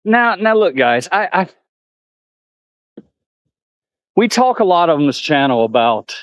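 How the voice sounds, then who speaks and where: A man's voice: sits high, sing-song, slow pace, fairly bright tone, clean tone, dry recording. A man vlogging outdoors at a zoo, chatting to viewers and talking to the animals. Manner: chatty, laughs often, talks to animals. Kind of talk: casual chat to viewers.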